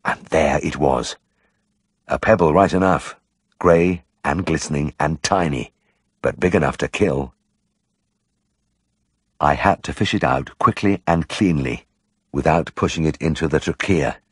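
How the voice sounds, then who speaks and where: A man narrating an audiobook in a measured, storytelling way. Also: rumbling low, husky, dry recording, clean studio sound.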